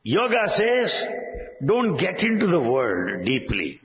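A man's voice: a little high, huge pitch swings, takes it slowly, a little hiss or hum. A man giving a spoken talk as a spiritual teacher, emphatic and full of rhetorical questions. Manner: emphatic, rhetorical questions, acts out quoted voices. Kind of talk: spoken talk on yoga and Tantra. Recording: dull lo-fi recording with long reverb.

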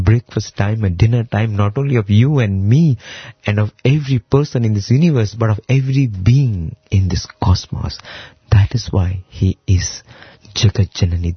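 Husky man with reverent storytelling. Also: fairly low pitch, dry recording, muffled recording. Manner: reverent storytelling, slow emphatic phrasing. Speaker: devotional speaker. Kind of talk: devotional talk explaining a hymn.

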